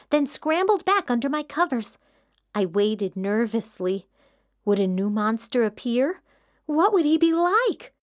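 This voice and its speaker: A woman reading a children's picture book aloud with expressive storytelling. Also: on the high side, dry recording, clean studio sound.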